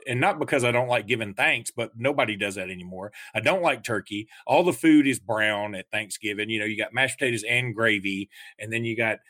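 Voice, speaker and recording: A man's voice: lowish voice, brisk, hardly any pauses, a bit bright, no room sound. Wry rambling podcast host, man. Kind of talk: casual chat.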